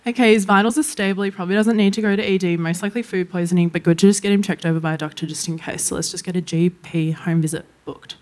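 A calm young nurse runs through her assessment quickly, as a woman voices her. She sounds steady and practical, and each sentence is clipped and efficient. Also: on the low side, close to an everyday voice. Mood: brisk. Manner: brisk and clinical.

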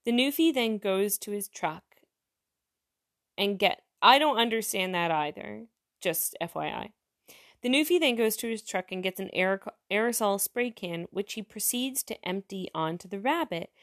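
A woman's voice: mid-range voice, lively intonation, moderate pace. A woman casually telling jokes aloud and chatting about each one as she goes. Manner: chatty, reads jokes aloud and comments on them.

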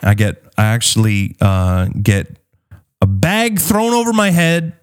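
A man in casual chat, telling a personal story with animated, dramatic swings in his voice. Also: on the low side, a little slow, smooth, faint music behind.

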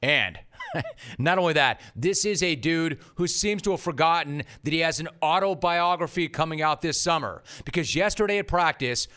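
A man with a somewhat high voice hosts a sports radio show. He is sarcastic and emphatic, and he repeats his punchlines for effect. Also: sharp tone. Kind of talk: sports talk monologue.

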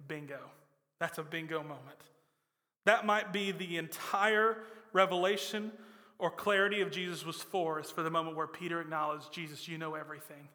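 A male pastor preaching a sermon with a slightly high, bright voice. He talks emphatically and swings from loud lines to hushed ones. The sound rings in the long reverb of a large church hall. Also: moderate pace.

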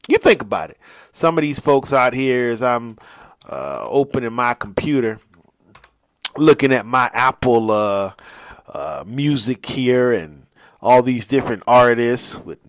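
A man's voice: mid-range voice, unhurried, no echo. A man hosting a casual solo podcast, playful and rambling, often restarting his sentences. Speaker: podcast host.

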